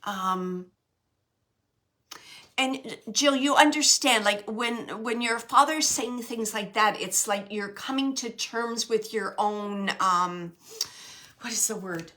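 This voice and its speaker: A woman giving a live mediumship reading, halting and searching, with many fillers as she relays messages. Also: fairly high pitch, bright, forceful tone. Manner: relays spirit messages to the sitters.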